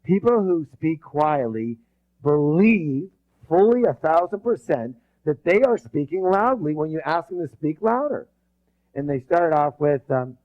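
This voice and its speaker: A leadership trainer, male, works a live seminar room with call-and-response, his sentences often breaking off and restarting in a rambling manner. He has a slightly high, expressive voice at a measured pace, heard through a dull lo-fi recording.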